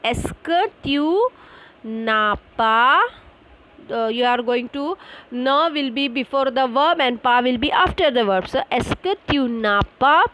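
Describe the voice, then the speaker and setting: Teacher, female, high-pitched; patient online French lesson, spells words out, lots of "uh". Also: fairly bright tone, poor audio. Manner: explains slowly with frequent fillers, spells words out letter by letter.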